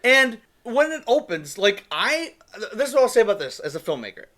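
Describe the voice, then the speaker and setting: A man's voice: very high-pitched, very animated, a little fast, a bit bright. A man hosting a podcast, chatting easily about a film and laughing often. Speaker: podcast host. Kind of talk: casual chat.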